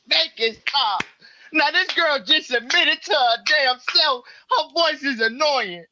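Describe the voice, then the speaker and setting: A man ranting loudly and comically, laughing and swearing as he talks. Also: extremely high pitch, measured pace, dry recording. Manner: loud, exaggerated, laughing, swearing. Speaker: call-in guest. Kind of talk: loud comic rant. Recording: dull lo-fi call audio.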